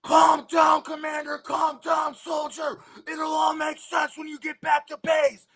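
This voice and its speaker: A man's voice: high-pitched, brisk, fairly bright tone, voice pushed up. A man putting on the voice of a stern male soldier in black tactical gear, giving insistent orders. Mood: shouting. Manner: commanding, insistent.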